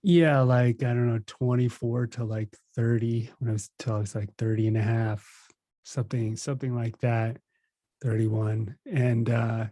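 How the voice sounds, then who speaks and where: A man in his thirties, a guest on a podcast, telling stories in a relaxed, self-laughing way. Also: mid-range voice, normal speed, dry recording. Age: 30s. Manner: relaxed storytelling, laughs at himself. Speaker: podcast guest, meditation teacher. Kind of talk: casual interview chat.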